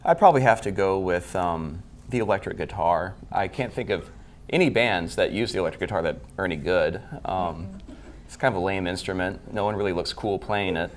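A man playing a dating show contestant, giving deadpan ironic answers. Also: deep voice, fairly quick, slight background noise. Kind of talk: joking game show answers.

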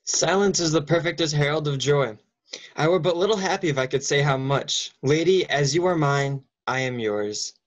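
A teenage boy playing a shy, lovestruck young count in a Shakespeare school play, speaking in a hushed, halting way. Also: fairly high pitch, lo-fi sound, natural voice. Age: late teens. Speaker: student actor. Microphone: video call.

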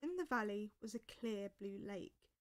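A woman narrating a storybook aloud with expressive delivery. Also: medium pitch, unhurried.

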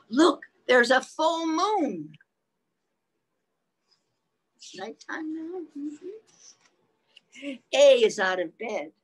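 A woman's voice: high-pitched, sing-song, very slow, pauses often, rough recording. A woman reading a picture book aloud to young children in a sing-song manner, stopping often to ask them questions. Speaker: children's storyteller.

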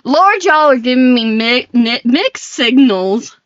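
A woman's voice: high-pitched, lively intonation, slow, no room sound, highs cut off. A woman streamer chatting casually on a live stream, giggly and flustered, laughing often as she reacts.

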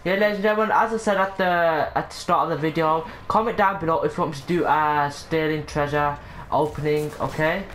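A woman commentating her gameplay, excitable, breaking into high squeals, swearing and catchphrases aimed at her viewers. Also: brisk, few pauses. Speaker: gaming channel host.

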